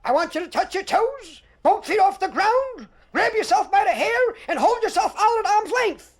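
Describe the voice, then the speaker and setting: A man's voice: very high voice, lively intonation, normal speed, voice pushed up. A man putting on a barking army drill sergeant. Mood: barking orders. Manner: barked parade-ground orders. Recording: crackly vinyl record with clicks.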